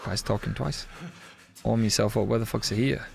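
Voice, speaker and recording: A man streamer giving casual commentary while playing a horror game, excitable, swearing often and chatting with his viewers. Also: fairly low pitch, moderate pace, vocal fry.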